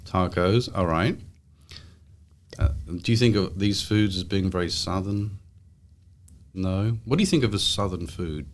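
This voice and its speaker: A man with an English accent hosting a relaxed interview, gently coaxing answers with frequent tag questions. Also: low-pitched, unhurried, pauses often. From England. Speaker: podcast host interviewing his daughter.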